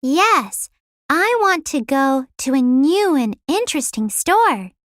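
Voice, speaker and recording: Cast a high-voiced, cheerful girl for a textbook listening dialogue, slow and bouncy. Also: big pitch swings, a bit bright, heavily acted. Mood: eager. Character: cheerful young girl eager to shop.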